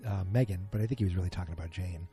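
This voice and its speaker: A man's voice: low-pitched, racing, mellow, faint music behind. A man hosting a podcast, recapping a TV episode in a casual, rambling way, full of ums and self-corrections. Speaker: podcast host. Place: at home beside a muted streaming screen.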